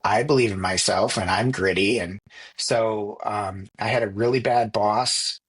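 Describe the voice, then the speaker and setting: Middle-aged guy, husky lowish voice, rambly storytelling on a podcast. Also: steady tone, unhurried. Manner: reflective storytelling with many restarts and fillers. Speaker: podcast co-host. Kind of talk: casual conversation.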